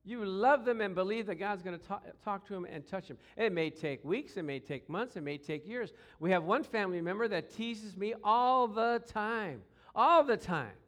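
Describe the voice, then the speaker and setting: A man preaching a sermon as pastor, lively and calling for responses from the congregation. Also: sits high, normal speed, few pauses.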